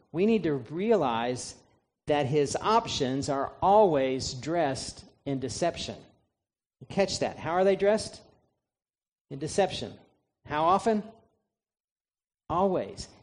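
A man's voice: fairly high pitch, darkish tone. A man preaching a sermon, emphatic, asking the listeners rhetorical questions and answering them himself. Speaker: pastor.

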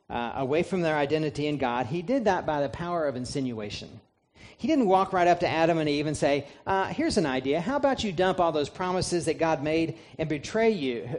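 A man's voice: fairly high pitch, darkish tone. Man preaching with rhetorical questions. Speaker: pastor. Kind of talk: sermon.

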